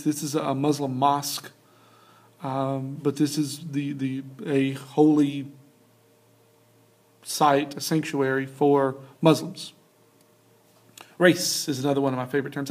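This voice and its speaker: Casual higher-voiced male teacher. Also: a little mellow. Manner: casual, loose, many fillers and restarts. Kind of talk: recorded lecture over slides.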